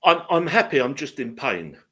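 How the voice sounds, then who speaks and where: A man's voice: medium pitch, big pitch swings, moderate pace, a bit bright. A man co-hosting a casual podcast chat, speaking candidly with stammering restarts. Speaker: podcast co-host.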